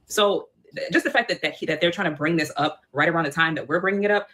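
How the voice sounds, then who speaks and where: Man, fast talker, indignant, rambling, fairly high voice. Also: bright, forceful tone. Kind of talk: casual commentary.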